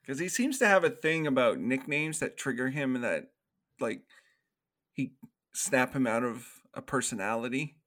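A man co-hosting a casual movie review podcast, animated and profane, acting out scenes in quoted voices. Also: medium pitch, moderate pace. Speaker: podcast co-host.

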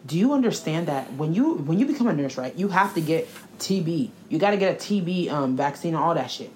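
A woman's voice: deep voice, expressive, fairly quick, a little mellow, a little hiss or hum. A young woman talking in a blunt, profane, sarcastic casual chat as co-host.

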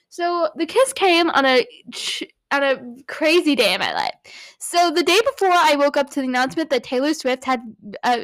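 A woman's voice: sits high, a bit bright, dry recording. A young woman vlogger casually recapping a movie with many fillers, giggling and gushing like a fan. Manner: rambling, filler-heavy, giggly; gushing, fannish.

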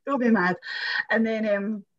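A middle-aged Scottish woman chatting as a podcast guest, telling animated stories with acted quotes and swearing. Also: a little high, measured pace, dry recording, highs cut off. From Scotland. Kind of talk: casual chat.

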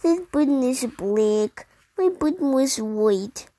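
A grumpy, fussy toad from a storybook, put on by a young child reading aloud. The voice is squeaky and high and climbs into shrill, upset wails. It swoops up and down a great deal, close and dry. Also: male voice, animated, slow pace, dark tone, dry recording, heavily acted.

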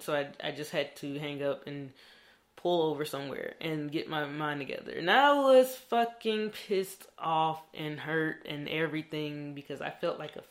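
A young adult vlogger with a mid-range, slightly bright voice talks in a candid, rambling diary style, swearing freely in a casual diary vlog.

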